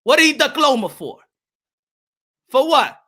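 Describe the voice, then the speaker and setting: A man's voice: very high voice, big pitch swings, measured pace, pushed and bright. A man hosting a boxing livestream, ranting heatedly and profanely as he talks to his chat. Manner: heated, profane, repeats himself. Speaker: boxing commentator. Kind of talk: livestream rant reading chat.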